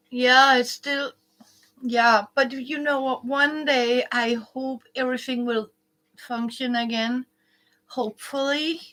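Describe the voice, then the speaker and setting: A woman hosting a casual home craft livestream, chatting with viewers in a rambling way with many restarts and soft whispered asides. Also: high-pitched, fairly even intonation, slow pace. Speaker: quilting livestream host. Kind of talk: casual live chat with viewers. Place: indoors at home, living room.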